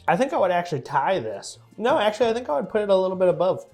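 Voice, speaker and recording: Man, young adult, slightly high voice, casual food vlog, jokey, filler words, faint music underneath. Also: big pitch swings, very fast, a little mellow. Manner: chatty and joking, trails off with fillers; playfully repeats and mispronounces words. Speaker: food reviewer.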